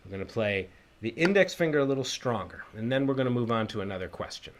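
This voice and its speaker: A man teaches a live online ukulele lesson in an animated, fast, mid-range voice, explaining patiently step by step and counting beats aloud. He's friendly and greets viewers by name, though the audio carries a little hiss or hum.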